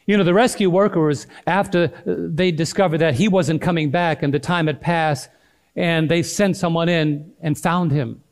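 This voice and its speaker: A middle-aged male pastor preaching a sermon, swinging between loud and hushed delivery and calling out to the congregation. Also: a little high, steady tone, normal speed.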